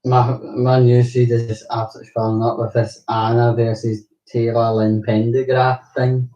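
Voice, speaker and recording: A man's voice: mid-range voice, little pitch movement, moderate pace, warm tone, far from the mic, muffled recording. A young Glaswegian man chatting casually to his viewers, rambling and swearing with frequent laughs. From Glasgow, Scotland. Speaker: vlogger. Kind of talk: casual chat. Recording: roomy, from the mic.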